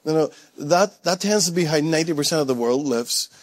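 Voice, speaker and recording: A man's voice: a little high, animated, fairly quick. A man preaching a sermon as pastor, emphatic and repetitive, with short laughs between points.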